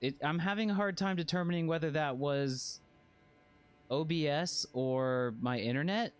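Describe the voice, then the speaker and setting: A man's voice: a little high, moderate pace, smooth, faint music behind. A man streaming a game and chatting casually, rambling and swearing as he restarts his phrases. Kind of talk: casual livestream chat.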